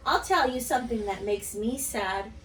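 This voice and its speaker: A woman speech teacher reading and talking gently to young children in an online lesson. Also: on the high side, slight background noise. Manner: gentle, slow, sing-song storytelling to kids. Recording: echoey room, voice a bit far from mic.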